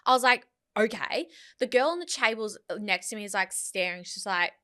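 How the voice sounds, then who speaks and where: An Australian woman in her thirties recounts a story on a casual podcast. Her voice is bright and forceful, with a middling pitch. She tells it in an animated, indignant way. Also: a little fast, clean tone. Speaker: podcast co-host.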